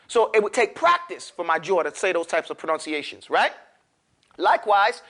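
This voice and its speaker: A man teaching a Quran recitation class, drawing syllables out slowly for students to repeat, then explaining in quick, loose talk. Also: sits high, fairly bright tone. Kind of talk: classroom tajweed lesson.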